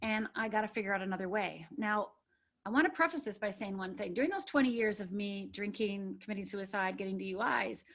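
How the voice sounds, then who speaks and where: A woman's voice: mid-range voice, brisk, fairly bright tone. A woman from Upper Michigan, a life coach guest on a podcast, telling a personal story in an earnest, emphatic way and often checking in with "right?". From Upper Michigan, USA.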